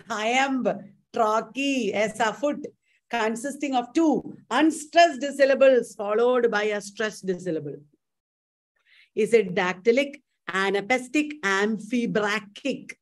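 An Indian woman coaching students through exam questions on a live stream. She speaks slowly in a slightly high voice, quizzing her listeners, drilling terms aloud and dropping Hindi words in between. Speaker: teacher. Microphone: live stream mic.

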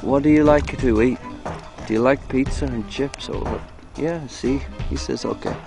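A man's voice: mid-range voice, normal speed, vocal fry, music in the background. A man filming in a cold outdoor field, rambling and joking in loose commentary to the camera, breaking into chanted mantras. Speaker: vlogger filming animals.

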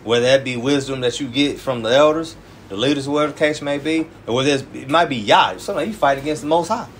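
A man's voice: medium pitch, quick pace, a little hiss or hum. A man who is a church elder, preaching in an informal, emphatic, colloquial way and often tacking "man" onto his phrases. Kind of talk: informal sermon teaching.

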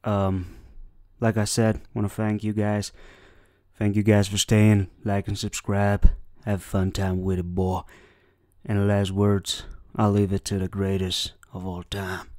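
A man's voice: lowish voice, completely flat delivery, measured pace, a little mellow, dry recording, clean studio sound. A man hosting a comedy reaction video, roasting clips in a rambling, mock-preachy way that keeps tagging on "all right?" and "boy". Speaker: host roasting online clips.

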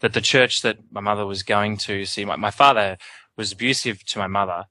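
A man in his twenties talking casually on a panel, animated and full of restarts. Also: fairly low pitch, brisk, dry recording. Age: 20s. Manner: animated, many restarts and self-interruptions.

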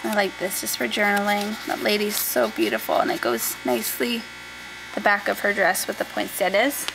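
A young woman vlogger showing her handmade scrapbook albums in a soft, chatty way, often trailing off and starting over. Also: medium pitch, animated, moderate pace, creaky. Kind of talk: casual show-and-tell. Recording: faint background noise.

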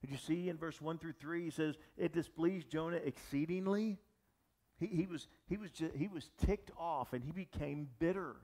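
A male pastor delivering a sermon, his voice sitting a little above the usual for a man. He preaches in an animated way, often restarting phrases and turning to the audience with quick asides. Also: on the high side. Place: church or gathering space for young adults.

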